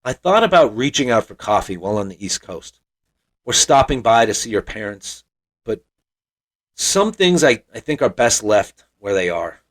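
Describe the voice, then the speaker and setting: A man's voice: fairly low pitch, very animated, normal speed. A man in his forties from Montana, telling a personal story as a podcast host in a reflective, wry, self-deprecating way.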